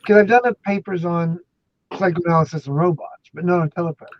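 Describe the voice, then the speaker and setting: A man chatting casually as an academic guest, animated and jokey, rambling through his thoughts. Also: high-pitched, fast talker, dry recording, lo-fi sound. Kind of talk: casual chat.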